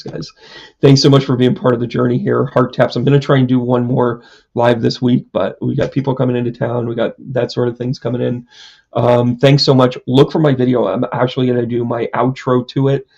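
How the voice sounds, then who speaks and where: A man's voice: mid-range voice, vocal fry, a little mellow, lo-fi sound. A man, a psychic medium, chatting casually on a live stream, rambling through a story with lots of fillers and self-mocking jokes.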